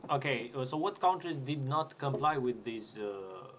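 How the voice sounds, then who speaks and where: A man's voice: medium pitch, animated, moderate pace. A man hosting a podcast, asking casual questions with hesitant fillers. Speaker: podcast host.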